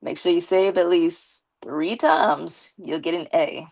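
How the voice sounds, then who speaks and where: A woman with a slight lisp, chatting casually with her viewers on a live stream and giving them shout-outs. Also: fairly low pitch, lively intonation, slow pace, gravelly.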